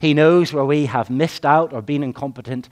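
A man delivering a sermon, building his points through repeated phrases and slowing down on key words. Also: on the high side, steady tone. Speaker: preacher.

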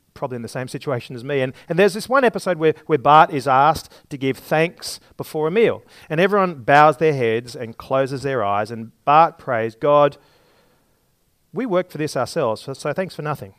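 A man's voice: fairly high pitch, a bit bright, dry recording. Man preaching a sermon, dry sound. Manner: explains scripture with everyday examples, some restarts.

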